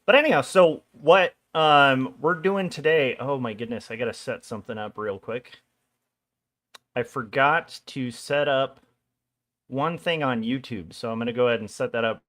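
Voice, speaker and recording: A man in his forties, an illustrator, chats casually on a livestream while drawing, rambling loosely and tossing in small jokes. His voice is medium-pitched and fairly bright, at normal speed.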